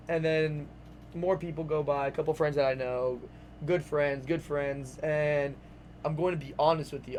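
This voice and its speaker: Young man rambling through a story, slightly high voice. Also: slight background noise. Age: young adult. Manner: rambling, animated, swears freely, many "like"s. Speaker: vlogger. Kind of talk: casual storytelling vlog.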